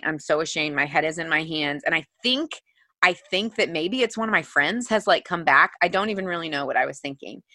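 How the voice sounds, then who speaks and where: A woman's voice: sits low, sharp tone, no room sound. A woman guest on an interview podcast, sharing a personal story in an earnest, emotional way, often saying "like". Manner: earnest, emotional, heavy use of "like".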